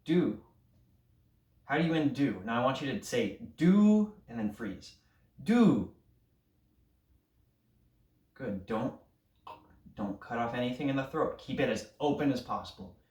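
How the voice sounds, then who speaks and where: Band teacher guy leading breathing drills, counting out loud, sounds roomy and kinda far off. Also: medium pitch, lively intonation, moderate pace. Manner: upbeat and coaching, counts aloud and leads call-and-response drills. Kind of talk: recorded online music lesson.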